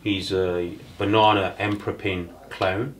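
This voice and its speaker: A man chatting casually at a round table about breeding snakes, talking haltingly with many fillers and restarts. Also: sits low, little pitch movement, low-quality recording.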